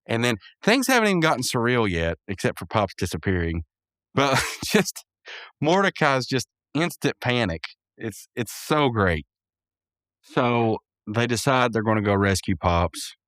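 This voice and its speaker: A man's voice: medium pitch, very animated, moderate pace, a bit bright, no room sound, clean studio sound. A man hosting a podcast, recapping a cartoon episode in casual, rambling commentary, correcting himself and laughing often.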